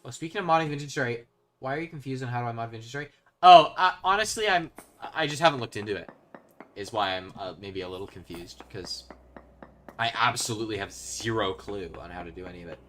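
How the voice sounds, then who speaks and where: A young man giving casual commentary while he plays a video game. He swings from quiet muttering to yelling when he is excited. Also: lowish voice, fast talker, a little hiss or hum. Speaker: gaming video host. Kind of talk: casual let's-play commentary.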